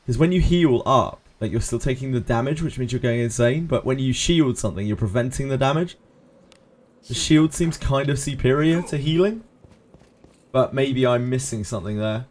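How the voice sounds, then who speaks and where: This game streamer has a mid-range, darkish-toned voice and talks at normal speed. During casual live-stream chat he addresses viewers by name and laughs a lot.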